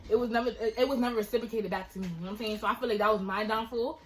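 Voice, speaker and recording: Young woman, casual chat, quick talker, slightly high voice. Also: low-quality recording. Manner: animated, emphatic, laughs a lot. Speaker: vlog co-host. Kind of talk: casual chat over a meal.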